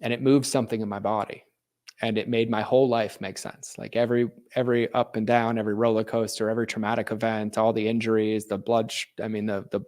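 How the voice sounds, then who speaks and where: A man's voice: fairly low pitch, level tone, quick pace, a little mellow. A man speaking as a podcast guest, telling a personal story earnestly and candidly, with many "like" fillers and restarts.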